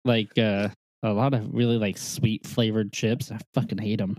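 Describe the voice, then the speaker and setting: A man's voice: on the low side, level tone, normal speed, a little mellow, no echo. A man co-hosting a podcast in casual chat, joking and swearing offhandedly. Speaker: podcast co-host.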